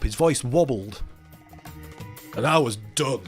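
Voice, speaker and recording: A man's voice: medium pitch, lively intonation, a little slow, faint music behind. A man hosting a live chat stream, telling a rambling, emotional story full of quoted voices. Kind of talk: casual chat.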